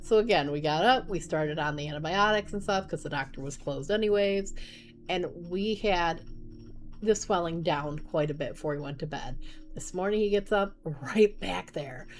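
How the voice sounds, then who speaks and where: A young woman, a mother of small kids, telling a casual storytime vlog in a chatty, animated way and laughing often. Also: fairly low pitch, normal speed, faint music behind.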